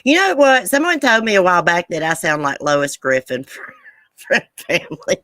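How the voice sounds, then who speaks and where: A woman's voice: on the low side, lively intonation, moderate pace, fairly bright tone, dry recording. A woman hosting a casual live chat with viewers, blunt and profane. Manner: blunt, angry and profane, then chatty. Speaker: livestream host.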